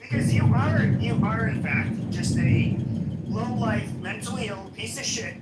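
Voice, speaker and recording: A man airing a grievance in a live chat room, stumbling over restarts while staying dismissive. His voice is distant and roomy, with steady noise behind it. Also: sits high, unhurried. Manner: hesitant, full of fillers and restarts, contemptuous. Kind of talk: casual heated rant. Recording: echoey, distant, noisy audio-room stream.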